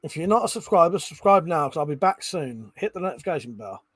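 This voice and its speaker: A man's voice: on the high side, sing-song, quick pace, a bit bright, husky, no echo. A drunk man hosting a live stream, rambling casually, swearing a lot and laughing often. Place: indoors at home.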